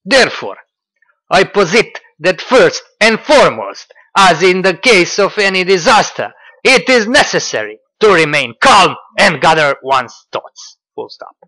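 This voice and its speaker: A man reading out quotes as a pompous male ideologue, declaiming slowly and loudly. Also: high-pitched, very animated, dry recording, voice pushed up, heavily acted. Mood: grandiose. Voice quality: declamatory, slow and loud.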